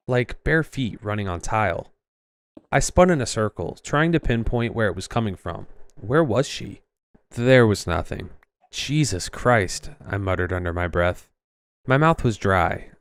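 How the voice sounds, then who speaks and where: A man reads a horror tale aloud in a smooth, clean voice pitched on the low side. He builds suspense steadily and gives the characters' lines short bursts of urgency. The sound is close and dry, with no room around it. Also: dry recording. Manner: tense, suspenseful reading with voiced dialogue. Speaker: narrator. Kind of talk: first-person horror story narration.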